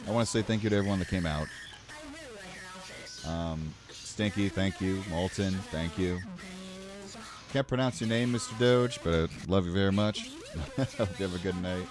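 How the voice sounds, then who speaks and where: A man's voice: low-pitched, a little slow, long pauses, music in the background. A man streaming, chatting casually in a rambling, emotional way and swearing now and then. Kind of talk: casual livestream chat.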